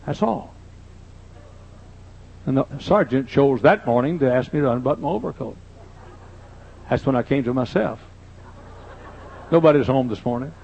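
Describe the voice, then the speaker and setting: A man's voice: medium pitch, lively intonation, normal speed, gravelly, pauses often, darkish tone, a little hiss or hum. An older man, a pastor, telling folksy, joking anecdotes in a sermon. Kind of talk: humorous sermon storytelling. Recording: dull lo-fi sermon recording.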